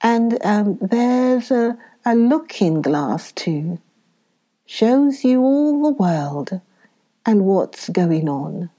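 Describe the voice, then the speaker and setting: A woman voicing a sleepy old male knight who talks slowly and drifts into whispers. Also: medium pitch, expressive, warm tone. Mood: drowsy. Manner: drowsy, slow, trailing into whispers.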